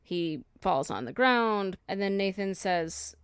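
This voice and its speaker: A woman's voice: mid-range voice, lively intonation, slow, few pauses, clear, resonant tone, no echo, clean studio sound. A woman co-hosting a faith podcast who reads scripture aloud and retells it in casual slang. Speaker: podcast co-host. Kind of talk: casual chat retelling a Bible story.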